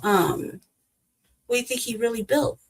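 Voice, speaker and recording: A woman's voice: on the high side, moderate pace, breathy edge, rough recording. A woman host with African American English, giving blunt, profane commentary as she reacts to a debate clip. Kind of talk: casual commentary.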